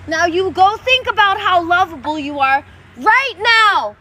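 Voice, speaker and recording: A woman's voice: very high-pitched, expressive, measured pace, bright, forceful tone. A woman chatting on a casual livestream outdoors, reading chat in a playful, doting, sing-song way. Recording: noisy outdoor street recording. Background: traffic noise.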